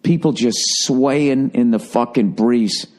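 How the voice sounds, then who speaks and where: A man from the Boston area hosting a podcast, telling a rambling, profane story that jumps into high-pitched bursts for emphasis. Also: slow pace, a little mellow. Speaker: podcast host. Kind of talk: casual storytelling monologue.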